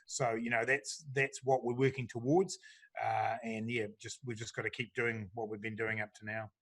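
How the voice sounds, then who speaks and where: A middle-aged man, answering panel questions as a government minister in a relaxed, chatty way with frequent fillers. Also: mid-range voice, normal speed.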